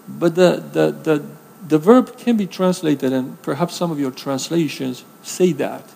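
A man's voice: fairly high pitch, a little slow, creaky, warm tone, in a large hall, slight background noise. A man preaching a sermon in an earnest, conversational way, from Romania, reading scripture with emphasis and addressing the congregation directly.

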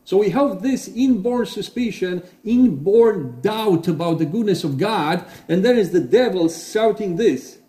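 A man preaching a sermon in a church, earnest and halting, with restarts and fillers, reading quotations aloud with emphasis. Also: sits high, lively intonation, mellow. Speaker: pastor. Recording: roomy echo.

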